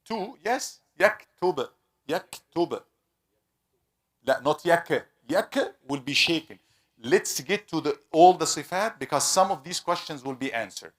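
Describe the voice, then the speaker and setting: A man teaching a classroom lesson, asking students questions and slowly repeating sounds to demonstrate pronunciation. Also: fairly high pitch, expressive. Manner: conversational, asks the class questions. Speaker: Quran recitation teacher.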